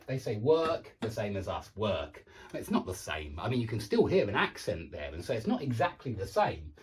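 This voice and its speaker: A man with a southern English accent teaching pronunciation online, repeating words with exaggerated contrast and chatty asides. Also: mid-range voice. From southern England.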